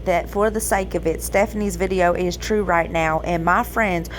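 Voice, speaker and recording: A woman hosting reaction commentary in a sassy manner, with drawn-out asides. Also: on the low side, fairly even intonation, slight background noise. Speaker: commentary host.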